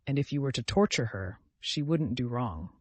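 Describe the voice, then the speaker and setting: A man's voice: medium pitch, animated, moderate pace, husky, no room sound. A man voicing a timid, devout young woman who speaks in an earnest, pleading, distressed way.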